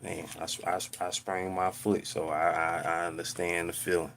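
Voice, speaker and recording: A man hosting a casual live stream from home, chatting with viewers and ranting in an animated, exasperated way full of slang. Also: low-pitched, moderate pace, gravelly, slight background noise.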